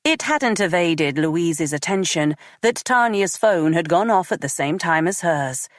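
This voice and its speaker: Low-voiced woman reading an audiobook. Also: lively intonation, a little slow, no echo, clean studio sound. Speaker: audiobook narrator. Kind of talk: scripted audiobook narration.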